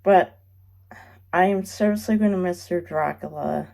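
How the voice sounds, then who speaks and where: A young woman speaks a heartfelt goodbye straight to the camera, her voice sitting a little low. She is close to tears, sighing often and stumbling through restarts as she tries to get the words out. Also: creaky, dark tone. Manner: halting, tearful, many restarts and sighs. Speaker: fan vlogger. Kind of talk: emotional farewell message to camera.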